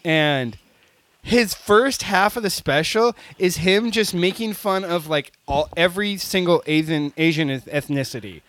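A man's voice: sits high, measured pace, fairly bright tone, dry recording. A man co-hosting a podcast, telling a long story in casual chat, laughing often and using many fillers. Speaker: podcast co-host.

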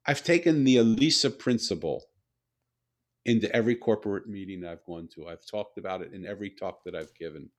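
Here an older guest author, his voice on the low side and fairly fast, shares a story in conversation. He gets animated, often going back to repeat or restart his words.

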